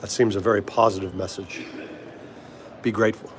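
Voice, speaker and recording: Against a noisy background, a middle-aged DC-accented man runs a casual livestream, rambling along, laughing frequently, and fielding viewer comments. His voice is lowish, fairly quick, and fairly even in intonation.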